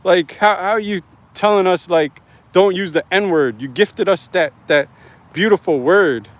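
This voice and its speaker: A man's voice: high voice, measured pace. A man hosting his own livestream in casual, rambling, slangy chat, reading out viewer comments as he talks into his phone. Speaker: livestream host.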